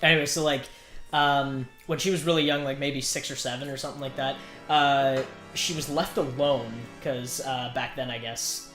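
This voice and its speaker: A man's voice: medium pitch, fairly even intonation, normal speed, fairly bright tone, reverberant, faint music behind. A man telling a family ghost story in a loose, rambling way, full of fillers and restarts. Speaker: storyteller in a group chat. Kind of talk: casual storytelling. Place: indoors, a hot room.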